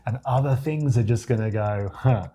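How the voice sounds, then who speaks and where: A man from Australia with a deep voice, coaching viewers on confident speaking in a demonstrative, animated way. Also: normal speed, slight background noise. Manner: demonstrative, animated, acts out examples with his voice. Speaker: communication coach. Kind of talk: talking-head tutorial to camera.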